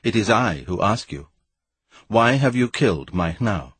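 A man doing a calm, grave unseen spirit. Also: fairly low pitch, unhurried, slightly rough, no echo, exaggerated voice.

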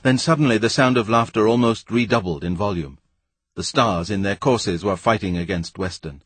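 A man narrating a novel in a wry, measured reading voice. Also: fairly low pitch, slightly rough, no room sound. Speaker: audiobook narrator. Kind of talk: storybook narration.

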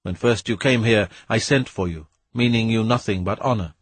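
Casting: a man playing a grave ancient spirit, measured and slightly husky, dry sound. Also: on the low side, no room sound. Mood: solemn. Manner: slow, solemn, measured.

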